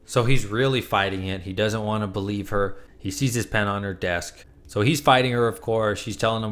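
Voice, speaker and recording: A man's voice: fairly low pitch, a little fast, few pauses, a bit bright. A man casually reviewing a comic book, retelling the plot with enthusiastic, chatty energy.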